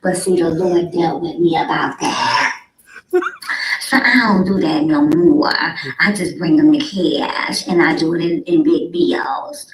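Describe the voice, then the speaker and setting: A woman's voice: low voice, fairly even intonation, unhurried, slight background noise. A woman podcast host telling a sassy, dramatic story, acting out both sides with big swings in her voice. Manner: sassy, dramatic, addresses listeners as honey and sweet babies. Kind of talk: animated storytelling. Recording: roomy echo.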